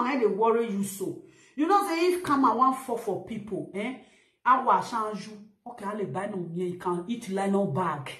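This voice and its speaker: A woman with a Nigerian Pidgin accent, scolding and insulting someone in a heated live-video rant full of loud exclamations. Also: mid-range voice. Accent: Nigerian Pidgin English. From Edo, Nigeria. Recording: echoey room.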